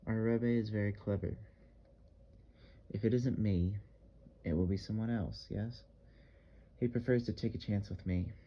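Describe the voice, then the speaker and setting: A man's voice: lowish voice, fairly even intonation, a little slow, long pauses, muffled recording. A man reading a blunt, strong-voiced male artist with a vague Russian accent in an audiobook, giving insistent commands. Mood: musing.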